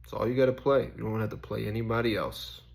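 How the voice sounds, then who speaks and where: Young man, lowish voice, casual reflective vlog, rambling, self-questioning, filler-heavy. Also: fairly even intonation, fast talker, gravelly. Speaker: faith vlogger.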